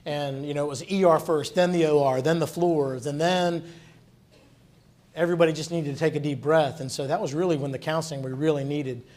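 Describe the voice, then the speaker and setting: Middle-aged male presenter, conversational storyteller, pitch a touch high. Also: steady tone, a little fast, a little mellow. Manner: earnest, conversational, quotes others in his stories. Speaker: hospital executive speaking at a conference. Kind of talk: conference talk with storytelling.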